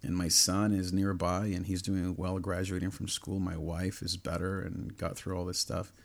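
Man, middle-aged, preacher, gravelly low voice, earnest, repeats and stacks phrases. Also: flat delivery, normal speed. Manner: earnest, repetitive, building lists. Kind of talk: personal sermon.

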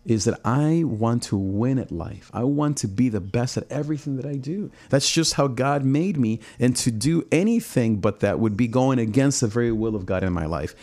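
A man's voice: medium pitch, moderate pace, hardly any pauses, darkish tone. A middle-aged man from Southern California, a pastor, talking earnestly about his drive, repeating words as he builds intensity. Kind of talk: personal reflection talk.

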